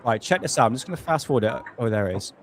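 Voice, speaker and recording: A man's voice: medium pitch, lively intonation, rapid-fire, noisy background. A man hosting a live stream, talking casually and ranting with swear words.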